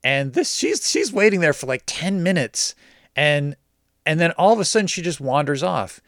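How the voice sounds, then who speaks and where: Man telling a lively anecdote. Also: fairly high pitch, normal speed, no room sound, studio quality. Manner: lively storyteller, mimics people he quotes. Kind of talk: casual anecdote.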